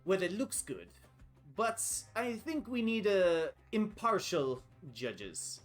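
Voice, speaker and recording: A man voicing a proud, formal male master chef who speaks in a measured, courteous way. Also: high-pitched, sing-song, soft background music, pitched above the performer's own voice, heavily acted.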